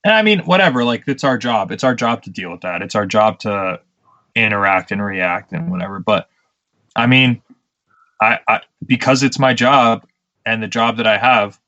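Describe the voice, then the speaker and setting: A man's voice: fairly low pitch, moderate pace, pushed and bright. Blunt, swearing male wrestler for a podcast; muffled, slightly dull audio. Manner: blunt, profane, ranting storyteller. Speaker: pro wrestler, podcast co-host. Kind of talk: casual podcast chat.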